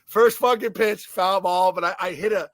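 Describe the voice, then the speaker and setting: A former ballplayer talks baseball in a bright, forceful voice, a bit higher than most men, and tells animated stories. The sound is close and dry, with no room around it. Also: male voice, moderate pace, dry recording. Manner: animated storytelling with swearing and laughs. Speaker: podcast co-host, former ballplayer. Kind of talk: casual sports chat.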